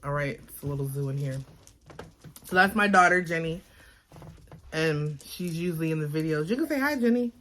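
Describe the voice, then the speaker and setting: This Baltimore vlogger, speaking with the city's accent, chats loosely to her phone camera at home and leans on fillers as she rambles. Her low, fairly bright voice is animated, moving at a moderate pace with long pauses.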